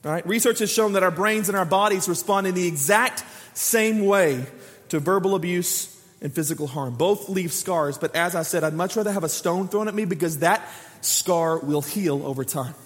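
A high-voiced man around forty preaches a sermon with lively storytelling, acting out the voices in his stories. His voice carries a long reverb, as if recorded in a large church hall. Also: moderate pace. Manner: lively storytelling preacher who acts out quoted dialogue. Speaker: pastor.

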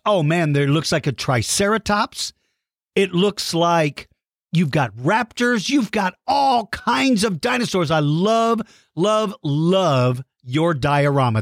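Lively, playful male kids' podcast host. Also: on the high side, dry recording, clean studio sound. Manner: warm, playful praise for kids' artwork. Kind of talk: reading listener shout-outs.

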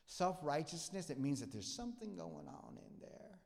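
A young man preaching a sermon with a playful, self-mocking manner, swinging from quiet asides to loud emphatic bursts. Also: a little high, very animated, normal speed, creaky. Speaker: pastor. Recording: echoey hall with long reverb.

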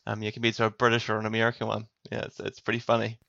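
Male guest, 30s, New Zealand accent, bright edgy tone, little pitch movement, dry muffled audio. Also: monotone, very fast, vocal fry, no room sound. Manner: friendly, laughs easily. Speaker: podcast guest. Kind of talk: casual interview chat. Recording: dull, dry lo-fi sound.

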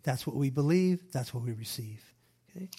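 A male pastor with a mid-range, slightly breathy voice preaches at a moderate pace with lively intonation. He reads scripture and explains it, repeating phrases emphatically and shifting between loud stresses and quiet asides.

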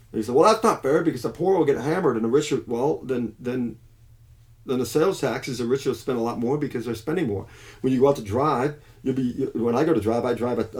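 Guy preaching hard, mellow low-toned voice, lots of restarts. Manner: emphatic, restarts and self-corrections. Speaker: Christian commentator. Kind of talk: preaching monologue.

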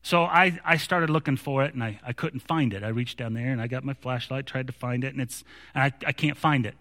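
A male pastor with a bright, forceful voice, preaching in an easy, storytelling way. His delivery grows animated as he stumbles through restarts, and the sound rings out with a long hall reverb. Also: mid-range voice, fairly quick. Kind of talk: sermon.

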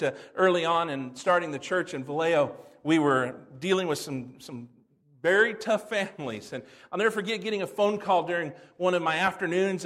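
A man who is a pastor, preaching a sermon, reading scripture in a low soft voice and telling anecdotes with laughter. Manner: animated storytelling, laughs at his own anecdotes.

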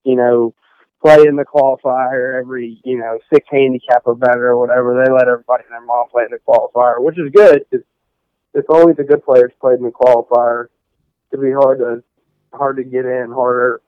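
A man's voice: medium pitch, fairly even intonation, a little fast, clean tone, dry recording, lo-fi sound. A young man from Texas, a college golfer rambling casually through an interview with lots of fillers. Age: young adult. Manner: rambling, many fillers and restarts.

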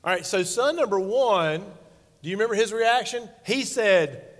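A man's voice: high voice, animated, normal speed. A man in his forties, a pastor preaching a sermon in a playful, conversational way and acting out quotes. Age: 40s. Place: church sanctuary stage. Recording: long reverb of a large hall.

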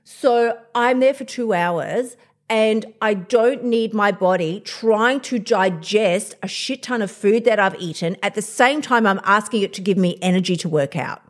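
A woman's voice: medium pitch, measured pace. A woman hosting a motivational podcast, blunt and fired up, swearing freely as she talks about her routine. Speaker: podcast host.

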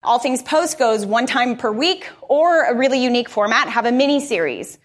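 Woman, fairly high voice, energetic, candid, chatty conference speaker. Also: moderate pace. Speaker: podcaster giving a conference presentation. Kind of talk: live conference talk.

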